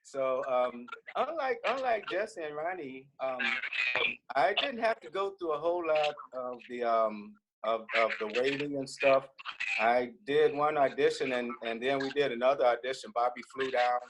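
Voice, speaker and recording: A man, a singer in a vocal group, telling a lively story on a video call. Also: medium pitch, normal speed, background noise. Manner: animated, laughing storyteller.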